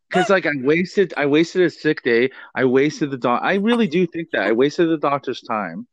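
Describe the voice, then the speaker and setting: A man's voice: on the high side, animated, moderate pace, few pauses, no room sound, dull audio. A man in casual chat, telling a rambling story with swearing and teasing his co-host.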